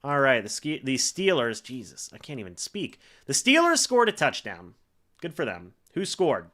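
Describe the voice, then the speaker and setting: Animated young man reacting live. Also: mid-range voice, moderate pace. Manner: excitable play-by-play with frequent fillers. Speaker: live-stream host. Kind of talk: live game reaction stream.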